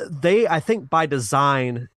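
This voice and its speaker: A man's voice: on the high side, fairly bright tone, no echo. A man co-hosting a podcast, chatting casually and earnestly about games and movies, often restarting his sentences as he reasons aloud. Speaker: podcast co-host.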